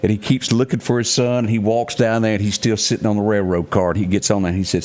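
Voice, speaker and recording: A man's voice: on the low side, quick pace, hardly any pauses. A man from Mississippi with a Southern accent, a show host telling a folksy story. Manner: lively drawling storyteller.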